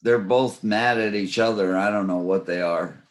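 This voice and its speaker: Man guest, lowish voice, deadpan storyteller. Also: moderate pace. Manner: dry joking storyteller. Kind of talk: casual chat.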